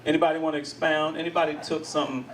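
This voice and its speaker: A man's voice: on the high side, rapid-fire, far from the mic, a little hiss or hum. A middle-aged man doing stand-up comedy with crowd work on stage, laughing often and acting out voices. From United States. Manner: animated, laughs often, acts out voices of others. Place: live comedy venue with audience.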